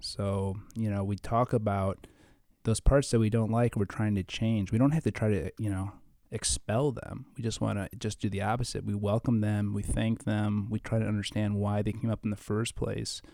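Guy therapist cohosting, deep mellow voice, talks it through thoughtfully. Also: flat delivery, moderate pace, creaky, dry recording, clean studio sound. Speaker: therapist and podcast co-host. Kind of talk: casual podcast chat.

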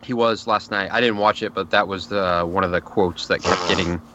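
A man's voice: low-pitched, fairly even intonation, fairly quick, dull audio, noisy background. A man from Texas co-hosting a podcast, chatting casually and making dry, sarcastic jokes. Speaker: podcast co-host. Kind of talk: casual chat.

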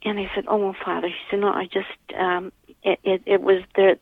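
Older woman, gravelly, earnest halting storytelling, tinny phone line. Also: mid-range voice, flat delivery, dry recording. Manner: earnest, halting, with repeated restarts. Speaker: parishioner telling her story. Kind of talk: personal storytelling.

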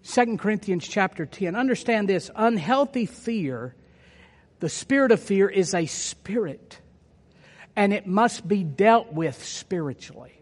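A man's voice: high voice, animated, unhurried. A man preaching a sermon, emphatic and repeating his key phrases for effect. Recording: long hall reverb.

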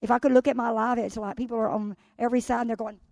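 An older woman preaching with fervent, repetitive exhortation, moving between hushed passages and loud cries. Her voice sits fairly high but carries a gravelly edge. The sound is close and dry. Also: little pitch movement, racing, no echo. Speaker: guest preacher. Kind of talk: sermon.

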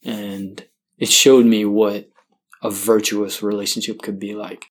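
A man's voice: fairly low pitch, little pitch movement, unhurried, noisy background. A man, a priest, telling his own vocation story in a candid, self-deprecating way, chuckling now and then and loose with fillers.

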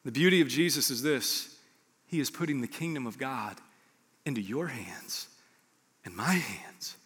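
Pastor guy preaching, bright forceful voice, big echoey church hall, soft music under it. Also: medium pitch, lively intonation, measured pace. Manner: impassioned, swings between hushed and loud. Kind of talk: sermon. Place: large church auditorium. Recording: long hall reverb, faint music.

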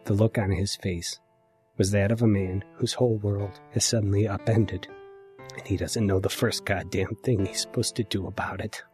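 A man with a lowish voice narrates a personal memoir in a quiet, measured way, letting emotion show. Faint music sits underneath. He sounds like a podcast host reading his own story. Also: fairly even intonation.

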